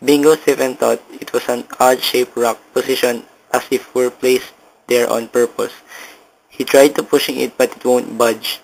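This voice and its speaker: A young man reading a story aloud as a school project, haltingly, with small stumbles and restarts. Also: medium pitch, gravelly, low-quality recording. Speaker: student reader.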